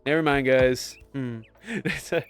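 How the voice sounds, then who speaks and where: A man's voice: medium pitch, steady tone, a little slow, faint music behind. A young man live-streaming a game, chatting with viewers in a joking, sarcastic way and swearing casually.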